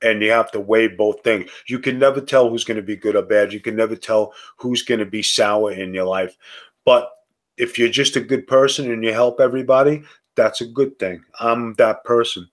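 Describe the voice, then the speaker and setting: A man in a casual podcast conversation as the guest, telling stories emphatically and rising sharply in pitch when he stresses a point. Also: fairly even intonation, moderate pace. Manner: storytelling, acts out quoted dialogue.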